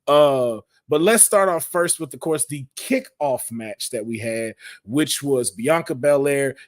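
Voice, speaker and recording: Energetic Southern-accented male podcast host. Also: on the high side, dry recording, clean studio sound. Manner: hype, showman-like openings, joking. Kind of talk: casual podcast chat.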